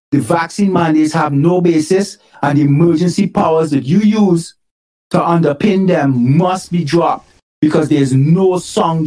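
A man from Canada, a doctor, giving a defiant, forceful public statement in a played clip. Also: a little high, low-quality recording.

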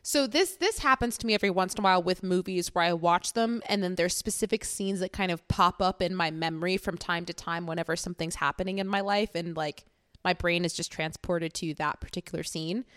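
A woman's voice: fairly quick, clean tone, no echo, clean studio sound. A woman co-hosting a podcast, chatting casually about a film, acting out quotes and laughing often. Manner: animated, acts out quotes with raised pitch, laughs often. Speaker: podcast co-host.

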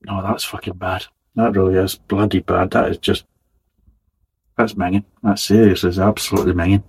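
A man with a very husky, rough-edged voice sitting a little low in pitch. He talks through a casual beer review, blunt and full of swearing, with a wry, exasperated edge. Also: flat delivery, a little fast, poor audio.

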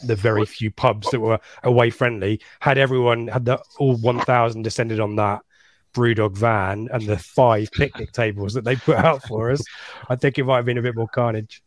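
A man's voice: mid-range voice, steady tone, normal speed, no echo. Chatty man hosting a podcast. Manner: chatty, rambling, laughs at himself. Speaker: podcast host. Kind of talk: casual football podcast chat.

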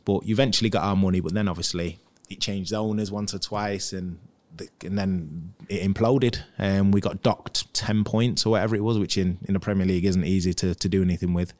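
A man's voice: deep voice, brisk, hardly any pauses. A man, a former professional footballer, chatting casually as a guest about his career and acting out what others said. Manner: chatty, animated, acts out quotes from others. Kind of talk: casual interview storytelling.

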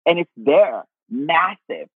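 Man, expressive spiritual advisor, slightly high voice, husky, tinny phone-quality audio. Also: slow pace, no echo. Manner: expressive, swears casually, calls people honey. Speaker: spiritual teacher guest. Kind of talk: casual spiritual advice chat. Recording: tinny phone-like line, dry.

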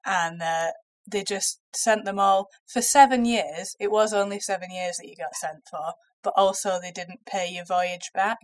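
English woman chatting on a podcast, swears a lot, bit blocked up from a cold, lively storytelling. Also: medium pitch, normal speed. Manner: sweary, animated storytelling with laughs. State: has a cold. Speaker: podcast co-host. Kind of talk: casual comedic chat.

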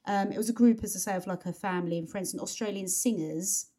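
A woman's voice: medium pitch, quick pace, warm tone. A woman co-hosting a podcast, chatting casually about a song, rambling with lots of fillers and restarts. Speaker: podcast co-host.

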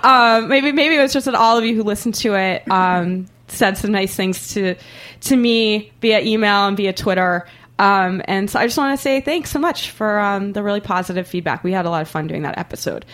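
A woman hosting a live podcast, talking quickly and excitedly, laughing often. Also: mid-range voice. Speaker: podcast host. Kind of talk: casual chat. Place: studio, live show.

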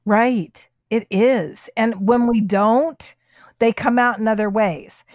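A woman's voice: fairly high pitch, slow pace, a little mellow, dry recording, clean studio sound. A woman hosting a heartfelt casual conversation, speaking in a soothing, affirming way.

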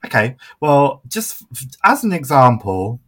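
Giggly young man, bright voice. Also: mid-range voice, very animated, unhurried. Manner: giggly, trails off quietly. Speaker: podcast co-host. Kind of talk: casual chat.

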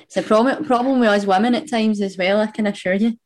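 A woman's voice: medium pitch, fast, a little mellow. A young Scottish woman guest on a podcast, chatty, laughing easily and using lots of fillers. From Scotland. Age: young adult. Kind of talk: casual podcast interview.

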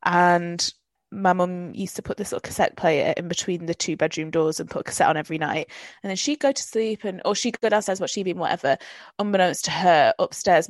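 A woman's voice: lowish voice, no echo. A young woman chatting casually with a co-host, telling childhood stories with swearing and acted-out quotes. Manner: lively, swearing, acts out quotes. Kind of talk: casual chat.

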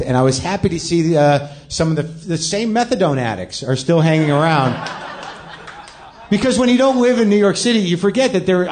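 This is a middle-aged man hosting live comedy, his voice slightly high and a touch mellow. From the club stage he rambles through a stand-up monologue, mocking himself and cursing freely.

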